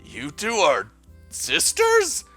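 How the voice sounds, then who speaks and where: A man's voice: on the high side, animated, moderate pace, pushed and bright, faint music behind, pitched above the performer's own voice, heavily acted. A man voicing a snippy, judgmental teenage girl classmate with a sneering manner while reading a visual novel aloud.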